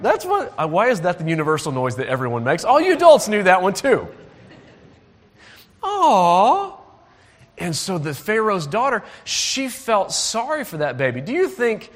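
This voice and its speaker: Lively man preaching to children. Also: a little high, long reverb tail. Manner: lively, asks the audience to call out and join in. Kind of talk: animated Bible story for children.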